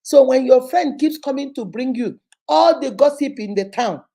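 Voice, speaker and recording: A middle-aged Nigerian woman hosting a live show, giving an animated motivational talk with a husky voice. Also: high-pitched, normal speed. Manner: animated, preachy, with mimicked voices. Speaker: host.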